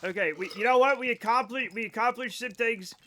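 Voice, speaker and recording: His voice is very high-pitched, bright, and forceful, and he talks a little fast while livestreaming a game. The commentary to his chat is casual and meandering, with frequent self-interruptions and the occasional curse.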